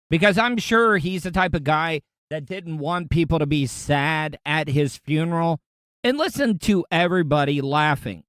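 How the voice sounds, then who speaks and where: A man talks through a casual monologue in a smooth, clean voice that sits a bit high. The sound is close and dry, and he speaks bluntly and candidly. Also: a bit bright, dry recording. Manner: blunt, profane, candid storytelling. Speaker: podcast host.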